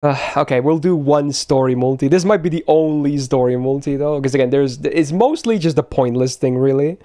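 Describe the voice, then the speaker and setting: A man's voice: mid-range voice, fairly quick, dark tone. A young man chatting casually on a live stream, blunt and swearing often as he talks to his chat.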